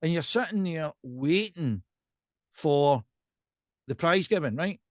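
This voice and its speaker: Here the Scottish drummer from a pipe band talks slowly in a fairly high voice as a podcast guest. His casual, ranting chat keeps circling back to "right?", recorded with clean studio sound and no room tone.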